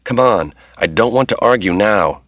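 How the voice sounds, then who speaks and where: A man's voice: fairly low pitch, animated, moderate pace, fairly bright tone, no echo. A man voicing a determined man who gives curt, insistent orders in a crisis, in a dull, lo-fi audiobook recording. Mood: urgent.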